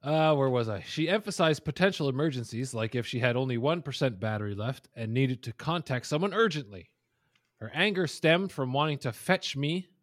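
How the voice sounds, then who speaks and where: A man's voice: mid-range voice, lively intonation, a little fast. A man hosting a gaming podcast, reading a story aloud and breaking off for casual asides. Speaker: podcast host.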